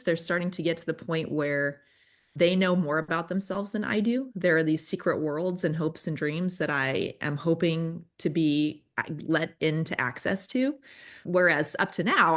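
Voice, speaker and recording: A woman's voice: deep voice, fairly bright tone. A woman in her forties, a children's ministry guest, telling candid, self-deprecating stories in casual conversation.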